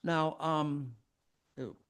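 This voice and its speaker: A man's voice: on the high side, steady tone, drawn-out words, fairly bright tone, clean tone. A man hosting a solo podcast, arguing his points in an emphatic, preachy way. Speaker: podcast host.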